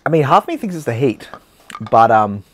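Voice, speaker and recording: A man's voice: mid-range voice, big pitch swings, normal speed. An Australian man hosting a casual beer-tasting vlog, chatty and blunt, with slang and swearing.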